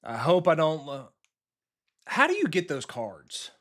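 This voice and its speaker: A man's voice: on the high side, huge pitch swings, a little slow, a bit bright. A man giving casual live commentary while playing a football video game, swearing freely and answering his viewers. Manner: casual, profane, chatty with viewers. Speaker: streamer and football coach.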